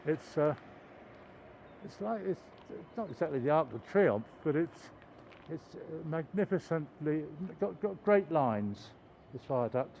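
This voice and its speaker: A man's voice: a little high, big pitch swings, a little slow, vocal fry, darkish tone, a little hiss or hum. Older man rambling wryly outdoors. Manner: meandering, hesitant, wry self-deprecating humour. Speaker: vlogger. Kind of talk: rambling casual vlog chat. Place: outdoors by a construction site and road.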